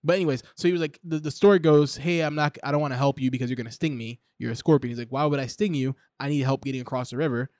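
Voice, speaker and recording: A man's voice: medium pitch, racing, hardly any pauses, no echo, clean studio sound. A man co-hosting a podcast, chatting casually and acting out lines from a show with plenty of swearing. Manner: animated, acts out quotes with profanity. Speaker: podcast co-host. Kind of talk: casual show review chat.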